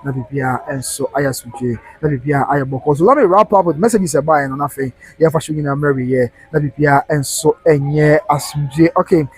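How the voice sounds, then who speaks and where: A man hosting a live news stream, animated and preachy, mixing Twi and English. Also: on the high side, fast talker, few pauses, husky, no echo, low-quality recording.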